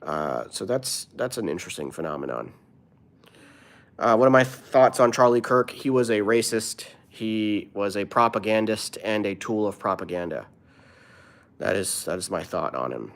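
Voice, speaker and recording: A man's voice: on the low side, expressive, moderate pace. A man who is a comedian, live streaming and answering his viewers' chat in an earnest, opinionated way.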